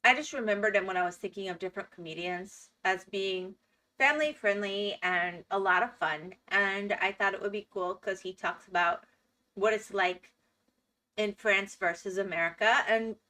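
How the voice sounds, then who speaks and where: A woman's voice: medium pitch, moderate pace, sharp tone. A woman streaming live, chatting playfully and laughing as she reacts to videos. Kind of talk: casual live-stream chat.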